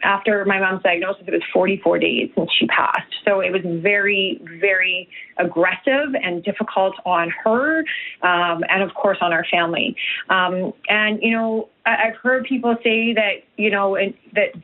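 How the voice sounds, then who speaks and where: A woman from Canada speaks as a guest over a tinny phone line. She talks earnestly and often restarts with fillers. Her voice sits at an ordinary middle pitch. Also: normal speed. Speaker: guest, nutritionist and health coach. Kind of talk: broadcast interview.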